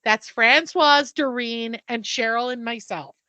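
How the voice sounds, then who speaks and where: A woman's voice: on the high side, a little slow, sharp tone, dry recording. A woman in her fifties co-hosting a podcast, chatting animatedly and swearing casually. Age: 50s. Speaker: podcast co-host. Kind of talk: casual chat.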